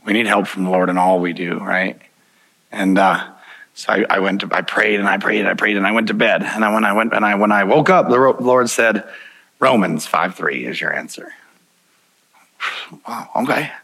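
A man's voice: lowish voice, steady tone, brisk, vocal fry, sharp tone, low-quality recording. A man preaching a sermon, telling personal stories in an earnest way, chuckling often and restarting his sentences. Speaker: pastor.

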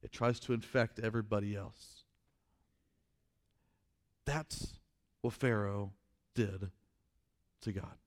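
A man preaching a sermon through a story, acting out scenes loudly and dropping quiet for his main points. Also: on the low side, slow, long pauses. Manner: animated, acts out scenes, drops quiet for emphasis. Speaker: pastor.

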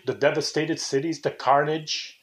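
A man's voice: a little high, level tone, moderate pace. An older man hosting a casual talk show, rambling and indignant, sometimes imitating how people say things. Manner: rambling, indignant, mimics intonations. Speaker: podcast host.

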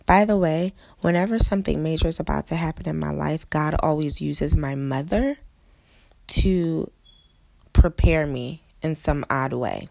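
Woman pastor, testimony, earnest, lowish voice, gravelly fry, dry close sound. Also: measured pace, a little mellow, dry recording. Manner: earnest, addresses listeners as "guys". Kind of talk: personal testimony storytelling.

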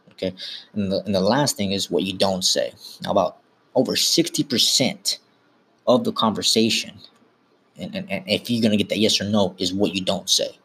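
Gravelly husky man hosting a podcast. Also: fairly low pitch, fairly bright tone. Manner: informal and instructive, many self-corrections. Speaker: podcast host. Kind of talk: casual explanatory monologue.

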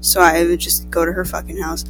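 A teenage girl telling a story in casual chat, rambling and swearing, with quick asides. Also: on the low side, level tone, soft background music, poor audio. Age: teens.

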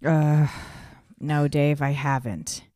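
A woman's voice: low voice, little pitch movement, takes it slowly, warm tone, no room sound, studio quality. A woman from California co-hosting a podcast, giggly and bubbly in casual chat. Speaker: podcast co-host and actress.

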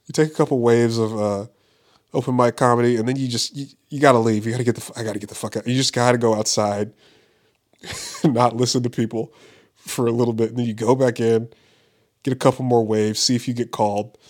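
A man's voice: mid-range voice, steady tone, brisk, darkish tone. A man who does stand-up, ranting casually and profanely, rambling with lots of "like" and frequent laughs. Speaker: stand-up comedian. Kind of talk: casual podcast-style rant. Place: Los Angeles area.

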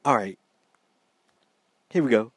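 A man's voice: mid-range voice, expressive, slow, slightly rough, no room sound. An American man hosting a casual solo podcast, talking in a chatty, repetitive way and calling his listeners y'all, a little sleepy. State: sleepy, yawning. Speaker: podcast host. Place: small home studio.

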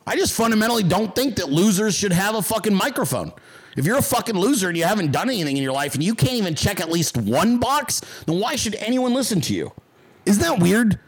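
A man with a high-pitched voice hosts a casual livestream. He talks in a blunt, combative way and swears freely. Now and then he mocks critics in exaggerated voices. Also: slightly rough. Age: adult. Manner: mocks callers in put-on voices. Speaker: podcast host.

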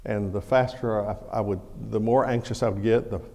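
Folksy pastor in a reverberant sanctuary. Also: male voice, fairly low pitch, fairly quick. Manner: folksy, animated storytelling with acted shouts. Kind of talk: sermon storytelling. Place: church sanctuary. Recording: long hall reverb.

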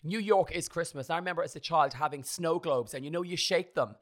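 A young man with a bright, forceful voice hosts a casual conversation. He tells stories with animated energy and teases his guest. His voice sits a little higher than most men's. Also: brisk. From Ireland. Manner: teasing, animated storyteller. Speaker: podcast host. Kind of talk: casual chat.

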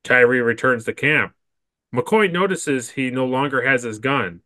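A man co-hosts a podcast with a bright, forceful voice, recorded dry and close with no room sound. He trades casual banter with a friend and reads episode summaries aloud in an even, steady way. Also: medium pitch, measured pace, no echo. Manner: laughs often, stammers when giving opinions. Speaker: podcast co-host. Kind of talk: casual chat and reading episode recaps.

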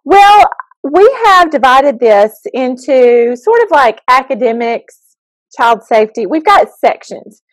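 A woman's voice: sits high, very animated, slow, no echo, rough recording. A woman co-hosting a podcast as a school counselor, giggly and playful in casual chat.

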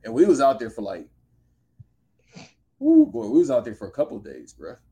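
A man co-hosting a podcast, casually telling a long story in animated, slang-filled speech. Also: medium pitch, normal speed, vocal fry.

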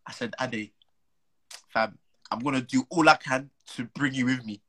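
A young man, a footballer telling an animated, slang-filled story as a guest. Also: medium pitch, moderate pace, husky, low-quality recording. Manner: animated, slang-heavy, acts out the people he quotes. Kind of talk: casual storytelling.

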